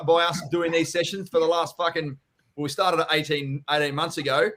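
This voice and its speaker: A man's voice: a little high, little pitch movement, a little fast, fairly bright tone. A man with an Australian accent hosting a casual live Q&A, laid-back and swearing freely as he reads out comments. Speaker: host, chief strategist.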